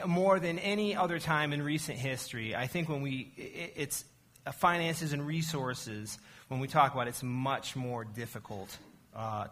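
Man, casual sermon, chatty, self-deprecating, lots of fillers and restarts, mid pitch. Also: a bit bright. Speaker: church arts director giving a message. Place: church.

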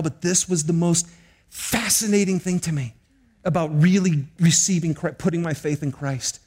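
A middle-aged man preaching a sermon in a fairly high voice. He tells stories with animated energy and keeps turning to the congregation with questions. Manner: animated storytelling, addresses the congregation often. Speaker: pastor.

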